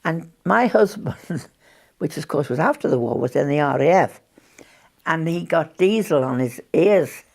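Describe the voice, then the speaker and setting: A woman's voice: deep voice, animated, unhurried, gravelly, darkish tone, breathy edge. A woman, chatting as she recalls wartime memories in an interview and laughing often. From Birkenhead, England. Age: 80s.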